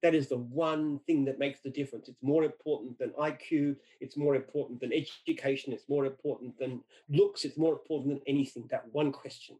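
A man's voice: mid-range voice, fairly even intonation, a little fast, few pauses, warm tone, low-quality recording. A middle-aged man from Australia answers interview questions with anecdotes. He speaks emphatically and repeats words when he restarts a sentence. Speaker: franchise founder.

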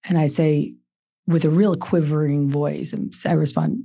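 A woman's voice: low voice, steady tone, a little slow, vocal fry, dark tone, no room sound, clean studio sound. A woman in her forties, a guest author on a podcast, telling her personal story earnestly with emphatic repeated questions.

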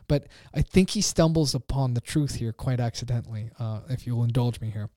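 A male pastor talks through ideas on a podcast, pausing often with fillers and restarting his sentences. His voice is mellow and mid-pitched, and it is recorded dry and close. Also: no echo. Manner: halting, many fillers. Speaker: pastor and podcast guest author. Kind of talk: casual podcast talk.

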